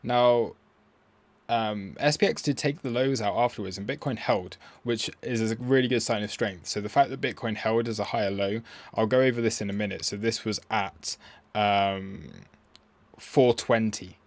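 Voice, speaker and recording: Low-voiced man rambling on a stream. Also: moderate pace. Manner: rambling, self-deprecating, thinks out loud. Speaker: trading livestream host. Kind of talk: casual livestream chat and chart analysis.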